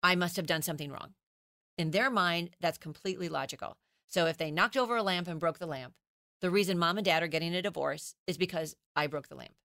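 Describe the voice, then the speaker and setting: A woman who teaches children's ministry, explaining child development as a guest in a podcast interview, animated and acting out how children talk. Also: lowish voice, a little fast, vocal fry, no room sound, clean studio sound. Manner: animated, acts out children's voices.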